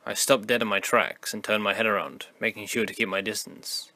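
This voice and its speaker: Low, sharp-toned man narrating a horror story. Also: brisk, dry recording. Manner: steady, grim storytelling. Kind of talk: scripted narration.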